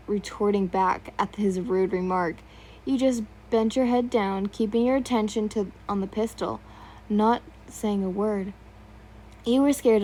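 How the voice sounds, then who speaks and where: A woman's voice: medium pitch, warm tone, low-quality recording. A woman reading fan fiction aloud, stumbling over words now and then and remarking on typos. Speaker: story reader.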